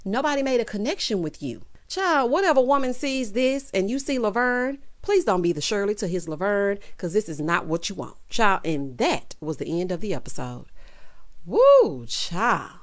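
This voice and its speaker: A woman with a mid-range voice recaps a reality dating show for her viewers. She is sassy and animated, sprinkling in "child" and "honey" and leaping up in pitch whenever she wants to drive home a point. The delivery sounds like an unscripted chat. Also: normal speed, few pauses. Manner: swoops high in pitch for emphasis. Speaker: TV recap vlogger.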